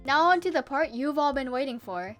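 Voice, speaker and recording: Brief: a high-voiced woman, chatty, self-deprecating vlog narration over faint music. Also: lively intonation, a little fast. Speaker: animation YouTuber.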